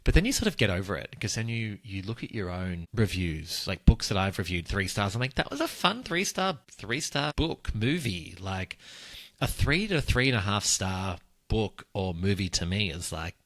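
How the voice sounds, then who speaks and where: A man co-hosting a podcast, chatting casually and telling gossipy stories in an animated way. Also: sits low, moderate pace, no echo. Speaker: podcast co-host, author. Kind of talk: casual chat.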